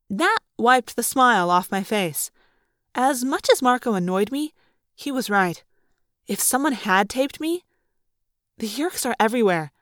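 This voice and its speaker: Woman narrator, audiobook, expressive, fairly high voice, close dry mic. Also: measured pace, no room sound. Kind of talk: first-person audiobook narration.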